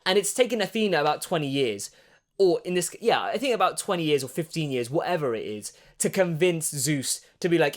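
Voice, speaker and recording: A man's voice: on the high side, expressive, a little fast. A man hosting his own channel, chatting in a rambling way with wry asides. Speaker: vlog host. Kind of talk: casual monologue.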